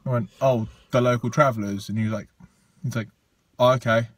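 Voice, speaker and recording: A man's voice: medium pitch, fairly quick, no room sound. Young man telling a story. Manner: animated anecdote, acts out quotes, swears freely. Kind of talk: casual podcast chat.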